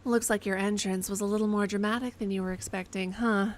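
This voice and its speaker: A woman's voice: mid-range voice, steady tone, fairly quick, slight background noise, close to an everyday voice. A woman voicing a friendly young local woman in a game, speaking in an easygoing, teasing way.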